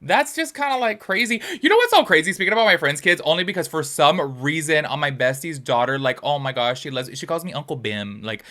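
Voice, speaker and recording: A young man runs a casual gossip commentary and talks fast and animated, packing in filler words. His voice sits a bit high and bright. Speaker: commentary channel host.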